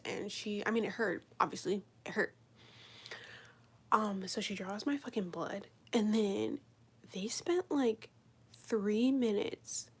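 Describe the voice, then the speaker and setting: A woman chatting casually on a live stream, telling a rambling, profane story full of "like" and sometimes dropping to a hushed whisper. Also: mid-range voice, breathy edge. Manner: drops into a hushed whisper at times.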